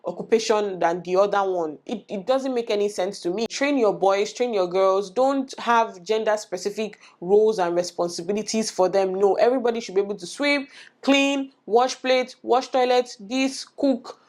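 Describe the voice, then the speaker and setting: A woman's voice: mid-range voice, normal speed, darkish tone. A woman in her thirties, a mother, giving earnest, emphatic parenting advice in a casual vlog and repeating herself for stress. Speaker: vlogger and mother.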